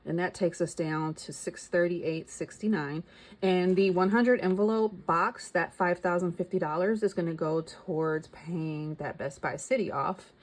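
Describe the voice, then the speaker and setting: A woman's voice: lowish voice, a little slow. A middle-aged woman chatting casually as a vlogger, thinking aloud and reading out figures. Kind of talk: casual chat.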